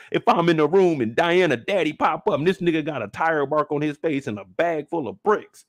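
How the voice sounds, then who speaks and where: A man's voice: a little high, expressive, normal speed, no echo, studio quality. A man hosting a channel, giving joking, profane reaction commentary on a TV drama. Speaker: channel host.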